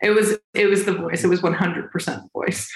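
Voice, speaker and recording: Dry and teasing, a twenty-something woman chats casually as a podcast co-host on a video call with a roomy echo. Her voice is on the low side and steady, and her pace is fairly quick.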